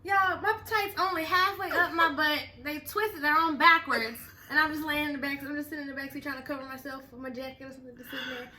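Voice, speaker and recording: High bright-voiced young woman. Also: fast, few pauses. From Texas. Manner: animated, breaks into laughter, dramatic retelling. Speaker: storyteller host. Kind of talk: casual storytime chat.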